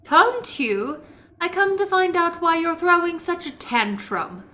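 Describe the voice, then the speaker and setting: A woman voicing a brisk young witch, matter-of-fact and a little exasperated. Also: very high voice, sing-song, sharp tone, pitched above the performer's own voice, full character voice. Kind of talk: reading game dialogue aloud.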